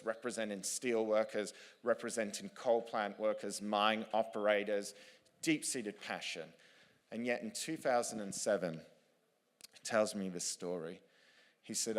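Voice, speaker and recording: A man, an author and speaker, telling a story to a live audience, lively and with frequent restarts. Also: on the low side, big-room sound. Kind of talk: storytelling talk on stage.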